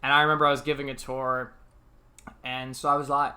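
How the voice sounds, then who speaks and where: A man's voice: medium pitch, brisk, pauses often. A man in his thirties from the United States, co-hosting a podcast and telling stories in casual chat with frequent laughs. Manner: animated storyteller, laughs often. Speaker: podcast co-host.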